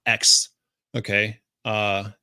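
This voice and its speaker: Upbeat guy on a live stream, kinda low voice, dry mic. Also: level tone, drawn-out words, sharp tone, clean tone, no room sound. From California. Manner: upbeat, talks to the chat audience. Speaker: co-host. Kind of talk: casual livestream chat.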